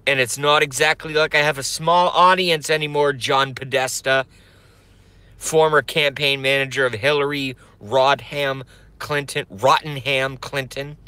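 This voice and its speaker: A middle-aged man ranting angrily on his live stream, swearing, breaking off to apologize, his voice going hoarse from a day of talking. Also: mid-range voice, steady tone, unhurried, sharp tone, dry recording. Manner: angry, profane ranting with sudden outbursts and apologies.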